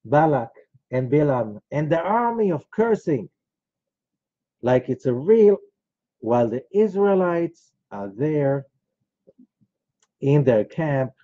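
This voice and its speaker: Slow and sing-song, this man's warm, somewhat high voice pauses often. He is a rabbi teaching an informal, storytelling lecture, drifting into frequent personal asides. The sound is dry, dull and lo-fi.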